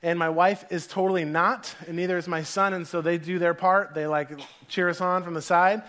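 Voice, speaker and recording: A man with a bright, high voice preaches to a congregation in a church hall. He tells stories with animation and puts on other people's voices. He often laughs as he speaks. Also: normal speed. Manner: animated storyteller, acts out voices, laughs through anecdotes. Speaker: pastor. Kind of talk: sermon.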